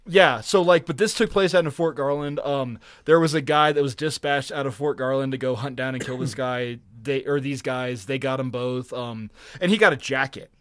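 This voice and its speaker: A man's voice: mid-range voice, moderate pace, hardly any pauses, clear, resonant tone, no echo. A man co-hosting a podcast, telling a long story in a rambling, profane way full of restarts. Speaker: podcast co-host. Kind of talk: casual chat.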